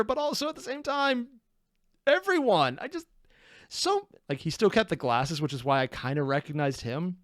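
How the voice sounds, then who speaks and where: A person reacting to an animated episode in casual commentary, full of laughs and stop-start thoughts. Their pitch leaps around a lot from moment to moment, and the sound is close and dry with no room echo. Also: moderate pace. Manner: excitable, laughing, self-interrupting. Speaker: reaction video host.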